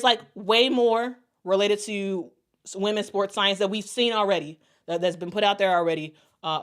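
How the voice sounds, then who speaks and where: A woman's voice: on the low side, fairly bright tone, smooth. A woman hosting a casual sports live stream, talking loosely with fillers and restarts, using informal vernacular like "y'all". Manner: speaks informal Southern-style vernacular (y'all, I'ma, gon).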